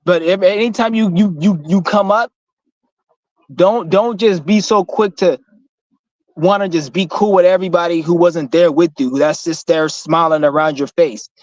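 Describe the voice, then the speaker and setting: A man's voice: high-pitched, fairly even intonation, moderate pace, darkish tone, no room sound. A young man giving a casual motivational rant to his viewers, blunt and profane, rambling with frequent restarts. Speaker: vlogger. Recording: slightly muffled lo-fi recording.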